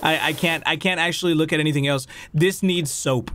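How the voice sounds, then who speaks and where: Excitable high-voiced man narrating gameplay. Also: a little fast, soft background music. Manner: excitable, joking, talks to the game objects; mixes Spanish words into English. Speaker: gaming video creator. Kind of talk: casual gameplay commentary.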